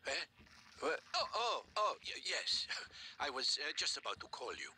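A man's voice: a little high, wildly swooping pitch, normal speed, pushed and bright, exaggerated voice. An actor playing a nervous male office worker on a call, fumbling and apologetic. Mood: flustered.

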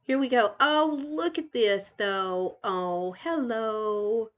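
An older woman, a grandmother, chatting warmly as she tours a game island live, gushing and giggling. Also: on the high side, takes it slowly. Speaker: gaming channel host. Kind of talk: casual live game tour commentary.

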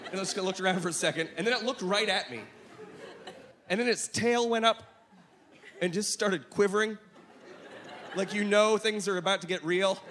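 A man performing a stand-up comedy set on a club stage, animated and bursting into shouts, with audience laughter behind him. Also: high voice, normal speed, long pauses, slight background noise.

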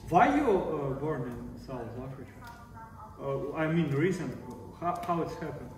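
A man talks slowly and haltingly, stopping to find his words. His voice is a bit high, and it rings with long reverb and background noise. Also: lively intonation, darkish tone, distant mic. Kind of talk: casual conversation in halting English. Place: hotel lobby. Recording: echoey, reverberant and noisy.

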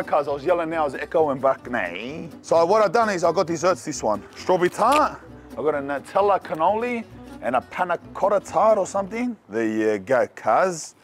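An Australian man reviewing food in a casual vlog, talking in an excitable, slangy way. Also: fairly high pitch. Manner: slangy and excitable, calls the viewer "cuz". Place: cafes and city streets.

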